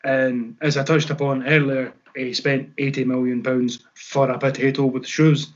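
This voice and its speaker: A man's voice: medium pitch, level tone, moderate pace. A man, co-hosting a podcast, joking in a dry, sarcastic way. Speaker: podcast co-host. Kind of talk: casual chat. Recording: dull lo-fi audio.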